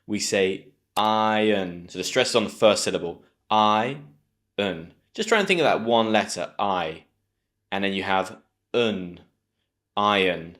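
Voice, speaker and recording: British man teaching pronunciation, lowish voice. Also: lively intonation, fairly bright tone. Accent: British English. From Britain. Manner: clear, drills words slowly and repeats them. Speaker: English teacher. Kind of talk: pronunciation lesson to camera.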